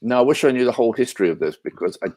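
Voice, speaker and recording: A man co-hosting a casual podcast chat, talking in a halting way with many restarts. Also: mid-range voice, expressive, darkish tone. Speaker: podcast co-host.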